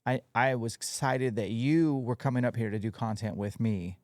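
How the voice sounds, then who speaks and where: A man's voice: mid-range voice, normal speed, a little mellow, no room sound, studio quality. A man in his forties hosting a podcast, talking in a casual, candid, joking way. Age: 40s. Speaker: podcast host.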